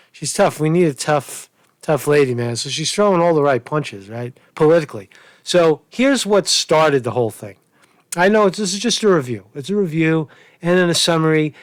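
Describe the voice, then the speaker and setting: A man's voice: on the high side, dry recording, studio quality. A man giving casual, rambling political commentary as a vlogger, crude and profane, repeatedly calling the listener "man", tired and sore from a long drive.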